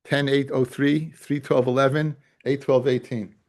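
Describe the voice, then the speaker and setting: Teaching a Talmud lecture, a man speaks at a moderate pace in a mid-range, darkish voice with little pitch movement. He calls his students guys and fellas, often checks that they're following, and drives points home by repeating key phrases and restarting.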